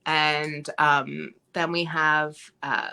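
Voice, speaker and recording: Bright-voiced Minnesota woman guest. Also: low voice, very slow, vocal fry, clear, resonant tone. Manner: animated storyteller who laughs often and acts out quotes. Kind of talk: casual chat.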